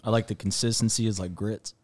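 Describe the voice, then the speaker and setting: A man co-hosting a podcast, cracking crude jokes in a deadpan way. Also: fairly low pitch, quick pace. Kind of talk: casual crude banter.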